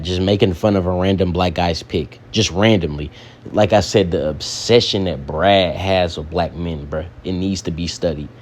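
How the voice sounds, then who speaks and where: A man's voice: deep voice, darkish tone, slight background noise. A man giving casual reaction commentary as a co-host, talking in slangy, mocking rants that circle back on the same points. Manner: slangy, mocking, repetitive ranting.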